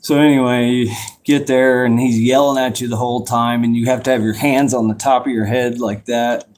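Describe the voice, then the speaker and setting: A man with a mid-range, darkish voice tells a rambling, casual life story as a vlogger, speaking briskly with fairly even intonation over slight background noise. He swears freely, keeps it loose and conversational, and circles back on himself.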